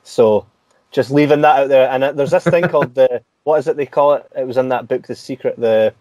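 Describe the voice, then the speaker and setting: Chatty Scottish podcast host, dry close sound. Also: male voice, medium pitch, brisk, a little mellow, no room sound. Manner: chatty, laughs often, many restarts. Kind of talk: casual podcast interview.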